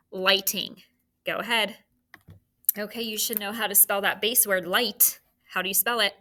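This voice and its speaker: A woman teacher guides young students through a phonics spelling lesson. She talks slowly, sounding out each word and letter with careful, deliberate enunciation. Her voice is bright and clear. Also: mid-range voice.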